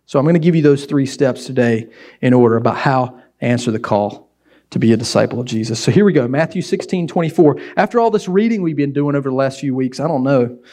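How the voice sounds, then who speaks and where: A middle-aged male pastor preaching a sermon in an animated way, acting out scenes as he goes. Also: medium pitch, quick pace.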